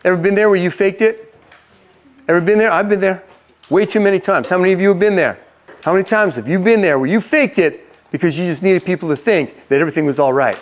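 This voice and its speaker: A male preacher tells a story in a relaxed, chatty way and asks his listeners questions. His voice sits high for a man. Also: fast. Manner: conversational, asks the audience questions. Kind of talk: storytelling sermon.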